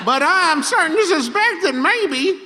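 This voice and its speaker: A man playing a male android who was once an arcade game, speaking slowly and deliberately on a live stage. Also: extremely high pitch, lively intonation, pushed and bright, slight background noise, heavily acted. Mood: wary. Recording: live theater stage reverb.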